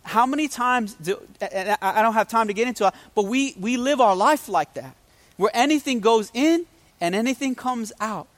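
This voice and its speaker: A man's voice: extremely high pitch, moderate pace. A man pastor preaching a livestreamed sermon, telling a funny story with energy and calling out to his listeners. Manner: energetic storytelling with humor and call-outs to the audience.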